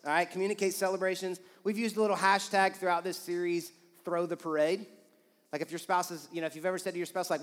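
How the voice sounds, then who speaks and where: Male pastor, casual animated sermon, slightly high voice, big hall reverb. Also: quick pace. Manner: casual, animated, acts out quoted lines. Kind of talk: sermon with couple's banter. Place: church auditorium. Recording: long reverb of a church hall.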